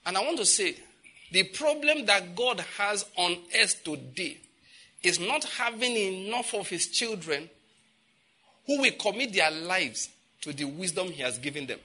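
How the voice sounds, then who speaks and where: Forceful Nigerian preacher, emphatic. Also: male voice, sits high, expressive, a little slow. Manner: emphatic, repeating phrases, with sudden loud outbursts; slips into pidgin asides. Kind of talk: sermon.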